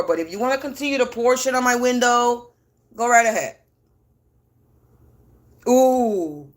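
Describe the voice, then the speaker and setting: A woman with a somewhat high voice holds forth on a livestream at home. She is blunt, defiant and profane, swearing freely as she insists she can't be intimidated. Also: expressive, measured pace, long pauses. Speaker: spiritual reader livestreaming. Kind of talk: ranting livestream monologue. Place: at home indoors.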